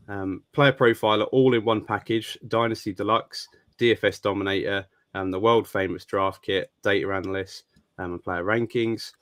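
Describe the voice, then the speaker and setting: A man's voice: lowish voice, a bit bright, no room sound, clean studio sound. Hesitant man reading a list. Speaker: podcast co-host. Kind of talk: reading announcements casually.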